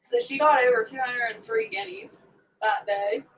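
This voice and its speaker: A woman's voice: high-pitched, very animated, moderate pace, fairly bright tone. A woman hosting a casual morning chat from home, rambling through a story for her viewers. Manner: chatty, rambling storyteller who scolds her pets mid-sentence. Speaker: homesteading livestream host. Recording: distant mic with faint background hum.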